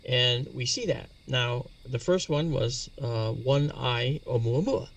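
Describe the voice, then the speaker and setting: A man with a gravelly, creaky voice, heard a little set back from the mic. He talks patiently as an interview guest and spells out the terms he uses. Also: medium pitch, slow, far from the mic. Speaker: astronomy guest expert. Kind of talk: explanatory interview talk.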